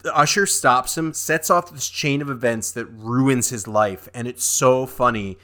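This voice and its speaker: Podcast co-host, young man, bright voice, rambly, does silly impressions. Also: mid-range voice, a little slow. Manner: rambling with fillers, doing goofy character impressions. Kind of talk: casual chat.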